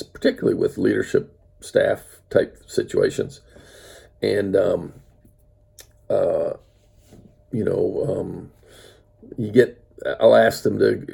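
A man's voice: low voice, gravelly, mellow, slightly rough. An older man reading a children's story aloud, then talking unhurriedly with many fillers. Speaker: speaker reading a story to his grandchild.

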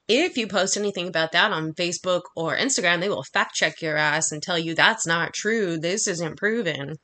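Woman, bright forceful voice, angry monologue, heavy cursing, fast heated delivery. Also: on the low side. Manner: heated, swearing constantly, rapid rant.

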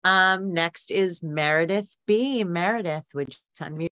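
A woman's voice: fairly low pitch, measured pace, pushed and bright, no echo, studio quality. A woman chairing an online recovery meeting, briefly and politely calling on the next speaker. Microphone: video call.

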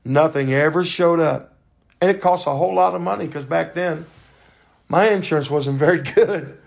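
On his podcast, an older male host shares a faith testimony with fervent, preacher-like energy, stretching out words for effect. His voice is a little high with a gravelly edge.

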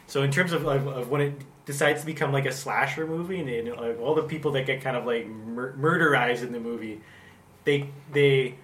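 A man's voice: medium pitch, fairly quick, a bit bright, slight background noise. A man chatting casually about a movie, rambling and hedging with lots of "like" and "kind of". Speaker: podcast co-host. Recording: echoey room with faint ambience.

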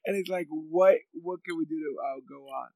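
A man's voice: a little high, moderate pace, creaky, darkish tone, no room sound, poor audio. A man in casual chat, rambling with many fillers and laughs as he talks through a favorite scene.

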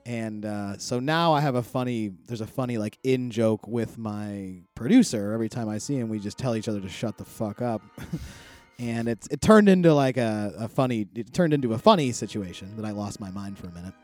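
A middle-aged man chatting as a podcast co-host, telling a long, rambling story full of swearing and loud quoted outbursts. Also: fairly low pitch, a little fast, no room sound, faint music behind. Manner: rambling, profane, animated when quoting others. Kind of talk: casual chat, storytelling.

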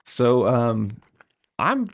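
A man's voice: medium pitch, huge pitch swings, drawn-out words. A man co-hosting a podcast, chatting casually with a hedging, laughing manner and frequent ums. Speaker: podcast co-host. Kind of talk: casual conversational podcast chat.

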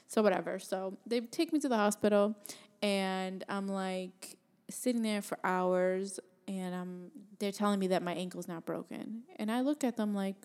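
Young woman, casual storytelling, blunt, swears a lot, animated. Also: mid-range voice, normal speed, clear, resonant tone. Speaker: podcast host telling a personal story.

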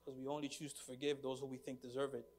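A man's voice: medium pitch, flat delivery, fast talker, darkish tone, big-room sound. A man preaching a sermon in a conversational way, asking the congregation questions and reading from scripture. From United States. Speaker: pastor.

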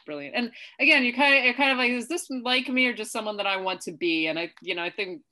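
A woman's voice: on the high side, expressive, quick pace, bright, forceful tone. A woman co-hosting a podcast in casual chat, chatty and laughing often. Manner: chatty, laughs often, quotes lines playfully. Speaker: podcast co-host.

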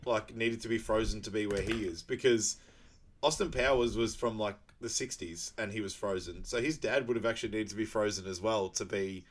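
A man co-hosting a film podcast in an easygoing, chatty way. He talks loosely and swears freely. Now and then he bursts into loud, mimicked lines. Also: lowish voice, brisk. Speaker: podcast co-host. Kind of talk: casual film recap chat.

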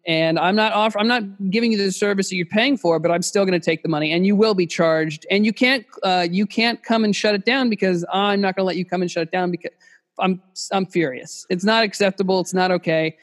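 A man's voice: high voice, steady tone, a little fast. A man co-hosting a podcast, ranting in exaggerated mock outrage during casual comedic banter over a remote call. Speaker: podcast co-host.

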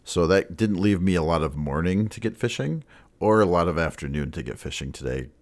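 Man, podcast co-host, very deep voice, easygoing, giggly. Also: expressive, a little fast. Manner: giggly, easygoing, laughs often. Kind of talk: casual chat.

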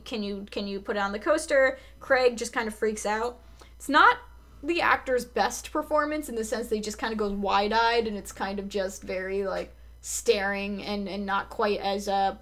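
Chatty, swearing woman, higher voice. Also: a bit bright. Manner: frequent swearing and filler words. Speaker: podcast co-host. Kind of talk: casual episode recap chat.

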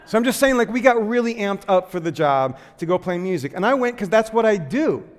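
A man giving a sermon, telling a self-deprecating personal story in a lively way with lots of filler words before turning to teaching. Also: sits high, a little fast, big-room sound. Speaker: pastor.

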